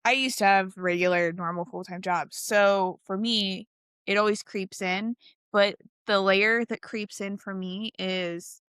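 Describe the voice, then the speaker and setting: A woman's voice: mid-range voice, steady tone, measured pace, a bit bright, clear, resonant tone, no room sound. Blunt, emphatic woman in casual chat. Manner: emphatic and blunt, often tags "right?" and swears. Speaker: podcast co-host and full-time small business owner.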